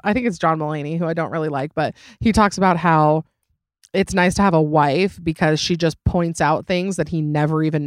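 A woman's voice: on the low side, dry recording, clean studio sound. A woman hosting a podcast, chatting casually and giving advice, rambling with lots of fillers, restarts and giggly asides. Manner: rambling, many fillers and self-corrections. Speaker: podcast host.

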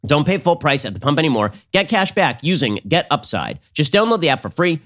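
A man hosting a political commentary show, arguing in a rapid, sardonic way. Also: medium pitch, a bit bright. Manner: rapid, sardonic, argumentative delivery. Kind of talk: fast political commentary and read ad.

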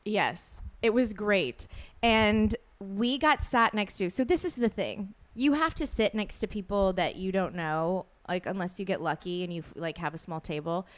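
A woman's voice: medium pitch, normal speed, few pauses. Chatty woman telling a travel story. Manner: animated, laughing, acts out quoted voices. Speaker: podcast co-host. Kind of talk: casual storytelling chat.

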